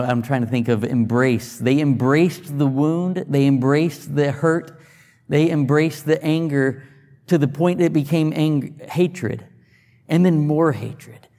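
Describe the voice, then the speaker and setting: A man's voice: medium pitch, mellow, in a large hall. A man giving a sermon as a pastor, teaching conversationally with rhetorical questions and restarts. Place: church sanctuary.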